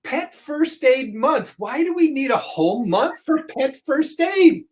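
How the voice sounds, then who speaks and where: A man co-hosting a video podcast, asking slow, measured questions. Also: very high-pitched, very animated. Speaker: co-host.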